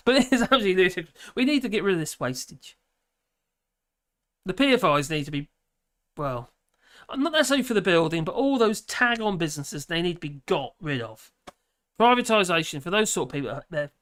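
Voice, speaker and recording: A man's voice: high-pitched, big pitch swings, fairly quick, fairly bright tone. A man from the UK hosting a live stream, chatting in a rambling way and reading viewer comments, tired and often laughing. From United Kingdom.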